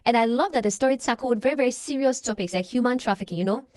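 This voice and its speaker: A young woman tells a film's story in a lively, animated way, slipping into the characters' voices as she goes. Her voice sits a little high, and the recording is close and dry with no room sound. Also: rapid-fire, no echo. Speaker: movie reaction vlogger. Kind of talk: casual movie recap and reaction.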